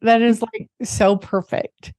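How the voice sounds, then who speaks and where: A woman's voice: a little high, steady tone, takes it slowly, a little mellow, no room sound. Woman host, eager and chatty, casual swearing, dry close mic. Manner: enthusiastic, laughs often, swears casually. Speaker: podcast host. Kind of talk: casual podcast conversation.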